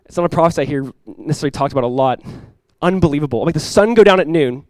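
Male pastor, rapid sermon delivery, slightly high voice, dry close sound; emphatic, climbs on scripture quotes. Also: lively intonation, darkish tone, dry recording. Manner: emphatic preaching, voice climbs and swells when quoting scripture; conversational asides with quick restarts.

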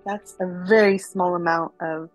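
Woman storyteller, casual and animated, with faint background music. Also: fairly low pitch, moderate pace, poor audio. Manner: animated, chatty, many fillers.

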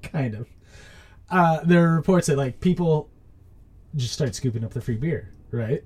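A man's voice: on the high side, animated, moderate pace, darkish tone, husky. A man co-hosting a casual podcast, telling a story with lots of fillers and laughing mid-sentence. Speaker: podcast co-host.

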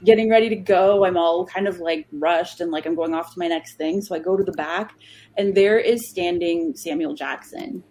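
Husky-voiced woman telling stories on a podcast. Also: lowish voice, moderate pace, a little mellow. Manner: chatty, many ums and restarts. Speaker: guest author. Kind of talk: casual interview storytelling.

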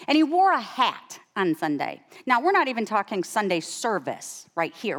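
A woman in her forties or fifties preaching a sermon as a guest speaker, telling a personal story with animated, emphatic rises in her voice. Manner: animated, rising to high emphatic peaks. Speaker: guest speaker and women's Bible teacher.

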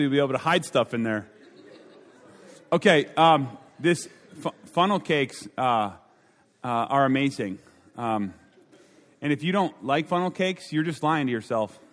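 A young adult man from Minnesota speaking as a chapel speaker, bantering and joking with a student audience in a high-energy comic sermon opener. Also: a bit bright. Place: large chapel hall. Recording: long hall reverb.

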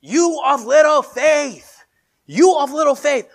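A preacher acting out Jesus yelling slowly over a storm, calm and stern. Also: high-pitched, voice pushed up. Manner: slow, drawn-out shouting.

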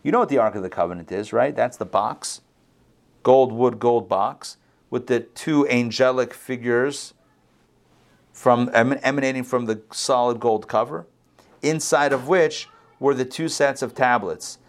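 A man's voice: medium pitch, measured pace. A man teaching a Torah class over a video call, talking casually, correcting himself and checking in with his listeners. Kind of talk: conversational online Bible class.

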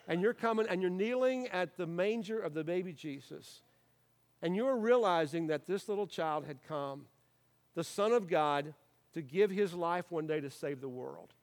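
Earnest middle-aged pastor, slightly high voice. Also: male voice. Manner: earnest, encouraging, with frequent uh fillers and restarts. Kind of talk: sermon.

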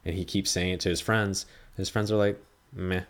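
Deep-voiced man rambling casually. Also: flat delivery, moderate pace. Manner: rambling, swears freely, acts out quoted dialogue. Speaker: podcast host reviewing a film. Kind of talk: casual chat.

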